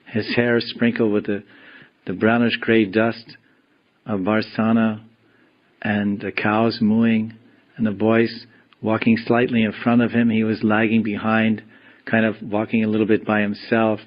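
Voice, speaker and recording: A man giving a devotional scripture class, telling stories in a slow, meditative way. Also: on the low side, little pitch movement, muffled recording. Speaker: spiritual teacher.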